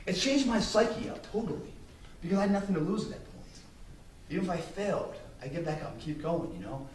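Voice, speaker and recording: A man's voice: a little high, very animated, brisk, darkish tone, slight background noise. A man giving an emphatic, intense motivational speech to business students, swearing freely. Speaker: motivational speaker. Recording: echoey hall, distant mic, faint ambience.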